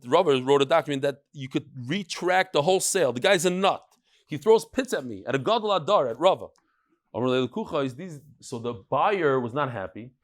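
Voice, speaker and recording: A man giving an animated Talmud lecture, telling stories and mixing Aramaic phrases into his English. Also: a little high. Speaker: Talmud teacher.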